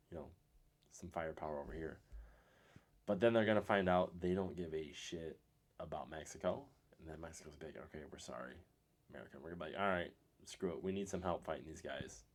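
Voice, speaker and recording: A man's voice: deep voice, fairly quick. A man co-hosting a casual podcast, speculating loosely and swearing freely. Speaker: podcast co-host.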